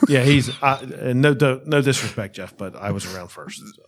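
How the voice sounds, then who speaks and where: A man who owns an auto shop, talking in a relaxed, hesitant way with many restarts on a casual podcast. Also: mid-range voice, moderate pace. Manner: laid-back, hesitant, trails off. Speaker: guest shop owner.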